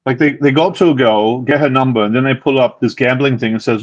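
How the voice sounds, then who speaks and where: An Australian man talks through dating advice on a live video call, racing along at a quick clip. His voice sits at an ordinary middle pitch, and he stumbles and restarts as he goes. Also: muffled recording. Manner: fast and rambling, frequent fillers and restarts. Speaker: dating coach, live Q&A host. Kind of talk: casual live-stream chat.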